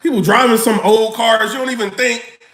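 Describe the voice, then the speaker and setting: Vlogger man, high bright voice, animated rant with laughs, echoey room. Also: brisk. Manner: animated, laughing, street slang. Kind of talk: casual rant to camera.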